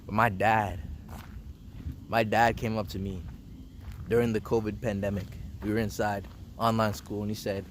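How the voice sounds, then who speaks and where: A man's voice: lowish voice, level tone, moderate pace, pauses often, a little hiss or hum. A young man talking in a casual, rambling personal monologue, full of slang and filler words. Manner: slangy, rambling, says bro and dude a lot. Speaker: self-improvement vlogger.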